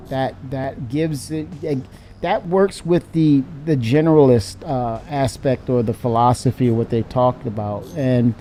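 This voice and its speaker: A man in casual live-stream chat, animated and laughing as he talks to his chat. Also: medium pitch, slight background noise.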